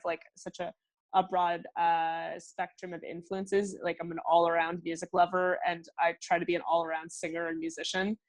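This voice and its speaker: A woman in her thirties with a Canadian accent, a singer chatting freely as an interview guest, laughing often and filling with "like". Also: on the low side. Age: 30s. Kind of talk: casual interview chat.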